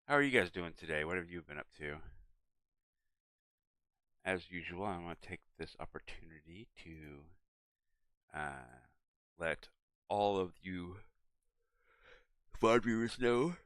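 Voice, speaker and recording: A young man streaming a game, chatting to viewers in a relaxed, rambling way and yawning now and then. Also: deep voice, slow pace, long pauses, no echo. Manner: relaxed, rambling, talks to chat and his cat. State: yawning, tired. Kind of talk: casual live-stream chat.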